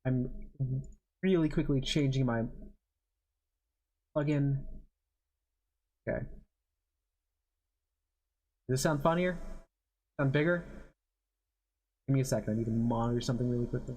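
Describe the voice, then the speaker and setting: A man's voice: mid-range voice, a little slow, pauses often, darkish tone. A man streaming casually, reading internet copypastas with mock-menacing dramatic delivery.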